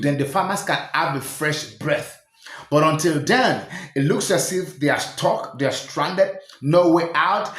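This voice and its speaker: A man giving earnest commentary to his viewers, repeating points for emphasis. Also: fairly high pitch. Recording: echoey room.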